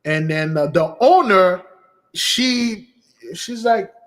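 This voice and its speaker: A man with a fairly high voice hosts a casual spiritual stream. He tells rambling stories and answers viewer questions, restarting sentences often. He jumps his voice even higher to act out the women he quotes. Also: takes it slowly.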